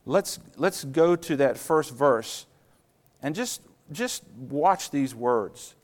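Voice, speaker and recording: A man preaching a sermon as a pastor, earnest and storytelling, slowing down and speeding up for emphasis. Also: mid-range voice, lively intonation. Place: church.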